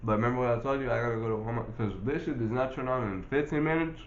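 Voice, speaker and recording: A man's voice: mid-range voice, racing, lo-fi sound, slight background noise. A young man in casual vlog chat, laid-back and full of profane street slang, filmed on a phone. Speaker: vlogger.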